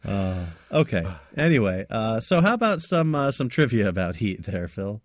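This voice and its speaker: Animated podcast co-host from the States, lively pitch, dry close sound. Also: male voice, normal speed, no echo. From United States. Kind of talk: casual podcast chat.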